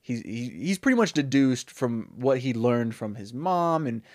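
A man's voice: medium pitch, lively intonation, measured pace, dry recording, clean studio sound. A man casually retelling a made-up movie plot on a podcast, rambling and chatty, with many fillers and self-corrections. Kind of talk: casual storytelling chat.

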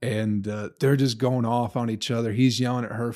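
A man's voice: mid-range voice, flat delivery, moderate pace, darkish tone. Profane, laid-back male comedian. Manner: loose, profane, laughing storyteller. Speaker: stand-up comedian. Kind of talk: casual solo podcast monologue.

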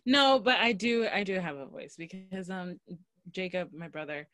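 A woman's voice: on the low side, no echo. Young woman chatting, dry close sound. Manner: animated, quick storytelling with fillers. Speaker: podcast co-host. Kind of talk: casual chat.

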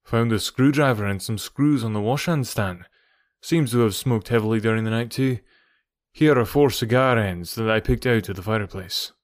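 A man voicing a hearty, matter-of-fact police inspector who talks briskly and plainly. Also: lowish voice, no room sound, studio quality, natural voice.

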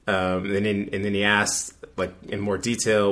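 A man's voice: on the low side, flat delivery, normal speed, few pauses, a bit bright. A man co-hosting a podcast, recapping an episode in a rambling, casual way with many fillers and restarts. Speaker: podcast co-host.

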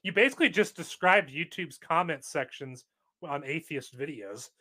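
A man's voice: on the high side, lively intonation, normal speed, bright, forceful tone. A man chatting casually, joking and laughing often with sarcastic asides. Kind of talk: casual conversation.

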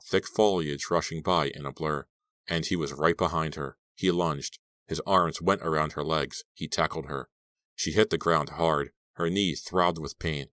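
A man narrating an audiobook in an even, steady storytelling voice. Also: rumbling low, no room sound.

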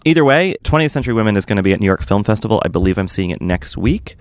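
A man's voice: lowish voice, lively intonation, rapid-fire, no echo. A man co-hosting a film podcast in casual, enthusiastic chat, full of fillers and restarts.

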